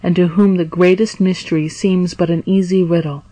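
An earnest young sailor, locked up and eager to work out who betrayed him, as a woman reader voices him. The voice is lowish and dry, recorded close with no echo. It stays near the reader's own voice, read as a storybook. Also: steady tone, moderate pace, mellow, lightly acted. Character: young male sailor, wronged and earnest prisoner.

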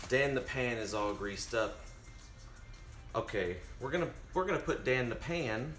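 A man's voice: fairly low pitch, expressive, a little slow, long pauses, fairly bright tone, reverberant, soft background music. A man chatting to his viewers while cooking live in his home kitchen. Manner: chatty, talks straight to viewers. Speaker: cooking stream host. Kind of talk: casual live cooking stream.

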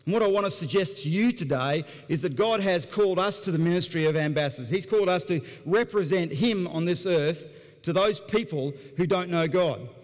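A man with an Australian accent, a pastor preaching a sermon in a church and telling a story in an earnest, animated way, chuckling along. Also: sits high, a little fast. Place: church auditorium. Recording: long hall reverb.

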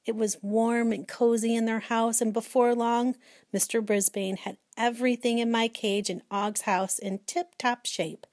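A woman's voice: a little high, level tone, measured pace, darkish tone, no echo, studio quality. Woman reading a storybook aloud. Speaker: audiobook reader. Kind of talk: storybook narration.

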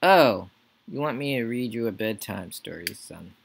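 Over a noisy background, this gamer's mid-range, gravelly voice comes through animated and at a moderate pace. He mumbles casual gameplay commentary in a Let's Play and addresses the game characters directly.

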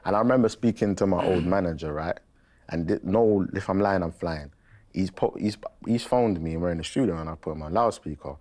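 A young man tells a story on a podcast, his voice sitting very low. He talks in an animated, slangy way and keeps repeating his point for effect. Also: moderate pace. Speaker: podcast guest.

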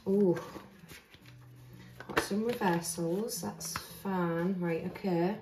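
A woman's voice: on the low side, fairly even intonation, takes it slowly, noisy background. A woman doing a casual tarot reading. She talks in a chatty, earnest way and thinks aloud with restarts. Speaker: tarot reader. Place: indoors, standing at a table of cards. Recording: roomy echo, voice heard from a distance.

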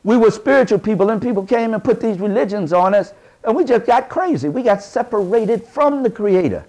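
High-voiced man lecturing like a preacher. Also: animated, fairly quick. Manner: preacherly, rising to shouted emphasis; folksy, colloquial, with double negatives. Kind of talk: impassioned lecture to a live audience.

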